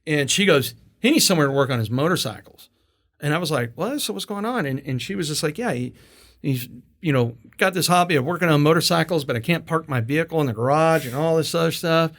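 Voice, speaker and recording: A man hosting an interview, telling stories in a casual, animated way, laughing and swearing as he goes. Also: on the high side, fast talker. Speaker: podcast host.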